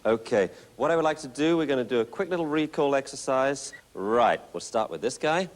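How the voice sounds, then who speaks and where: A man's voice: mid-range voice, expressive, a little fast. A man teaching a puppy training class, upbeat and coaxing, cheering the owners on. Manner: upbeat, coaxing, full of encouragement.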